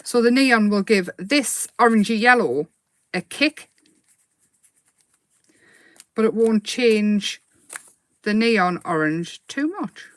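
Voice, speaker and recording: A woman hosting a casual live craft demo, chatty and quick to giggle as she paints. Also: medium pitch, animated, no room sound.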